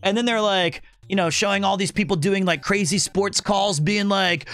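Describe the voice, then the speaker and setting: On his livestream, a high-voiced streamer with a bright, forceful delivery recounts a story at a moderate pace over faint background music. Casual and freely swearing, he acts out the people he quotes and never loses his animation.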